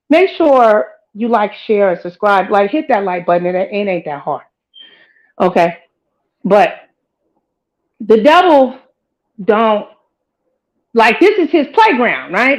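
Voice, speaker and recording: A middle-aged woman hosting her own channel, rambling and preaching straight to her viewers in a casual, animated way. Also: fairly high pitch, a little slow, muffled recording. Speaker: host of her own live-commentary channel.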